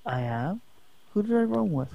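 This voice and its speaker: A man's voice: high-pitched, very animated, moderate pace, creaky, dry recording, muffled recording. A man co-hosting a podcast in casual banter, joking and cutting in often. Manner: joking, keeps interrupting. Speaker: podcast co-host.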